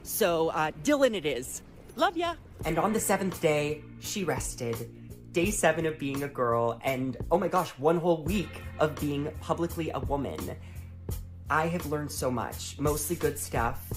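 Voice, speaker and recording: A woman with a low voice speaks to camera in a bubbly, sing-song vlog manner. She closes her bits with chirpy sign-offs. Soft music sits faintly under her. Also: expressive, measured pace. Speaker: social media video creator. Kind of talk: upbeat vlog-style direct address to camera.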